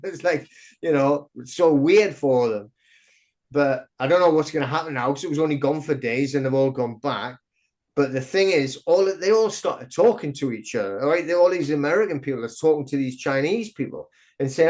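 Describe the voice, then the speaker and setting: A man's voice: fairly high pitch, moderate pace. Rambling middle-aged man, guest. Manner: rambling, excitable storyteller with many restarts. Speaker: podcast guest. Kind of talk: casual interview chat.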